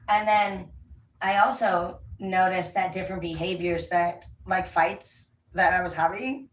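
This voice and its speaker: A woman's voice: on the low side, fairly even intonation, normal speed, a bit bright. A woman giving a casual tarot reading, talking in a blunt, rambling and emphatic way. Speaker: tarot reader. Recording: roomy, distant from the mic, faint ambience.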